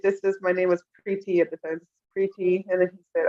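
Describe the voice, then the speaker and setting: A young woman recounting emotional personal memories in an interview, tender and often laughing softly. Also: fairly low pitch, level tone, brisk. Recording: dull lo-fi sound.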